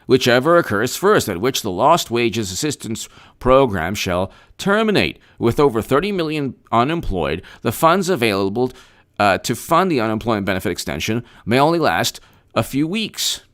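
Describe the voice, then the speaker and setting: A man's voice: mid-range voice, very animated, moderate pace, a bit bright. A man hosting a live political commentary stream, reading out news and then rambling sarcastically with frequent restarts.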